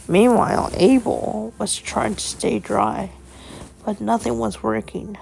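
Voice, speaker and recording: A woman's voice: medium pitch, steady tone, vocal fry, a little mellow, faint music behind, poor audio. A woman telling a storybook tale dramatically, often correcting herself as she goes. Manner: slow, self-correcting, dramatic. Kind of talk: emotional storybook narration.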